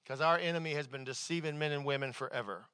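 A male pastor preaching a sermon, telling a personal story in a conversational, animated way with frequent restarts. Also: fairly high pitch, fast talker, clear, resonant tone.

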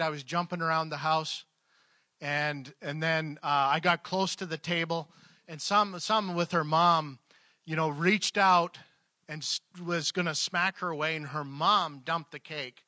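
At a church service, a male pastor tells a story conversationally with fillers during his sermon, then leads a prayer. His voice is a little high with a sharp tone, and the recording is dry.

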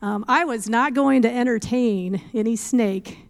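Woman, smooth clear voice, earnest testimony, quotes scripture, laughs easily. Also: fairly high pitch, a little slow. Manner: laughs often. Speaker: speaker giving a faith testimony. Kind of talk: testimony talk.

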